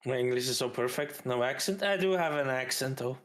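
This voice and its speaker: A man's voice: medium pitch, brisk, fairly bright tone. A man with a Flemish Belgian accent chatting casually as a streamer host, rambling and hesitating as he goes.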